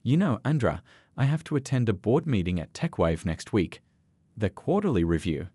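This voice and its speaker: A man voicing a calm, measured company chief. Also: lowish voice, husky, dry recording.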